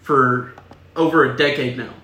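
A man's voice: medium pitch, fairly even intonation, a little slow, pushed and bright. A man co-hosting a casual podcast, explaining things steadily to listeners. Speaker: podcast co-host. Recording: echoey room.

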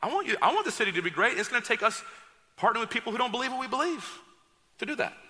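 A man's voice: very high-pitched, very animated, very fast, bright, forceful tone. A man preaching a sermon as pastor, talking in a conversational, joking and direct way to his congregation. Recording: long reverb of a large hall.

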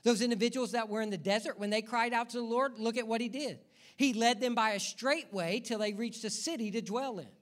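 A man's voice: very high voice, steady tone, fairly quick, a bit bright. A man preaching a sermon as pastor, building his points through rhythmic repetition and rhetorical questions to the congregation.

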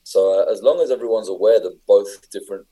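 Low, dark-voiced English man. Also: fast, slightly rough, poor audio. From England. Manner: rambling, filler-heavy storytelling. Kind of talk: casual chat.

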